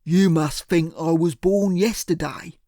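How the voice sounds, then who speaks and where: A man voicing a huge, blunt thug who barks his words slowly and heavily, in an audiobook. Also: on the high side, steady tone, dark tone, no room sound, studio quality. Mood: gruff. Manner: slow, heavy, barking delivery. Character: huge, slow-witted thug, gruff and blunt. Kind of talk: audiobook character voice.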